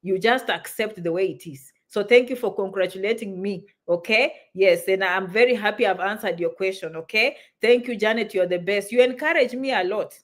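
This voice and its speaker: A woman's voice: medium pitch, moderate pace, few pauses. A woman hosting a livestream, reading viewer comments and giving visa advice, emphatic and often asking "okay?". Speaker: immigration visa advisor and livestream host. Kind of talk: live stream talk, reading viewer comments. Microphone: livestream setup.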